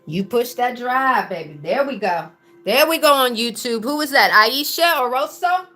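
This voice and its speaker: A woman preaches encouragement on a livestream, her high voice leaping up and down as she coaxes viewers and calls them baby. She sounds roomy and echoing, with faint music running behind her. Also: expressive, moderate pace, bright, forceful tone. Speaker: motivational coach on a livestream. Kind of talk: live-streamed motivational talk.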